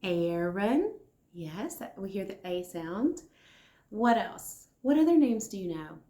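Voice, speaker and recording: A woman teacher leading circle time for young children. She talks slowly and encouragingly, pausing as if for little ones to answer. Her voice rings a little in an echoey room. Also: medium pitch, sing-song, mellow. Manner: slow, encouraging, replies to imagined children's answers. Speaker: kindergarten teacher.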